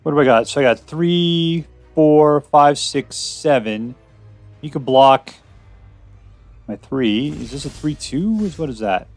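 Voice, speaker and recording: A man narrates his own card game in a loose, joking way, muttering about his hand and teasing his opponent. His voice sits a touch high for a man. Soft music plays underneath. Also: animated, takes it slowly, no echo. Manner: chatty, jokey, talks to himself while playing. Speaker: gameplay streamer. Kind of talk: casual gameplay commentary.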